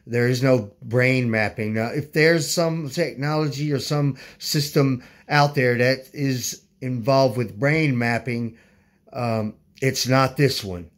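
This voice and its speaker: Male vlogger, mid-range voice, rambling, insistent, stops and restarts often. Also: medium pitch. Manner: rambling, many fillers and restarts; insistent, corrects viewers. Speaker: YouTuber. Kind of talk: casual talk to camera.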